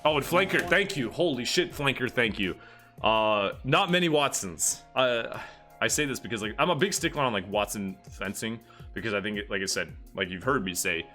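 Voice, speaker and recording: A man's voice: fairly low pitch, pushed and bright. A man streaming live, casually reviewing competitive match replays, rambling and swearing freely. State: getting out of breath.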